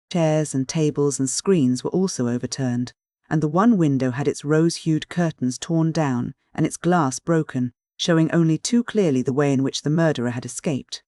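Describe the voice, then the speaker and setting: Steady audiobook narrator, dry sound. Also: mid-range voice, dry recording. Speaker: audiobook reader. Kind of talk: scripted narration.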